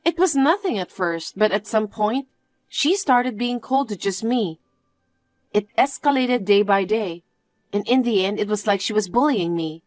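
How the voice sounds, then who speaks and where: A woman's voice: mid-range voice, expressive, measured pace, a little mellow, no room sound, faint music behind. A young woman telling her own story in a one-voice narration, outspoken and indignant. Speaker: storyteller, main character.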